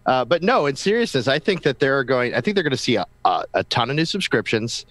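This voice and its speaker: A man co-hosting a casual gaming podcast, chatty and telling anecdotes in quick runs. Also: mid-range voice, sing-song, fairly bright tone, no echo. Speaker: podcast co-host.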